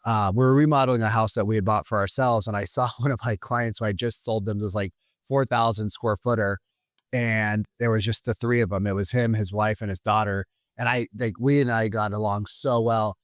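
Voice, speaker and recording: A man telling stories as a podcast guest in a lively, casual way. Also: lowish voice, brisk, dry recording, clean studio sound. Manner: animated, acts out quoted people. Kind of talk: casual storytelling.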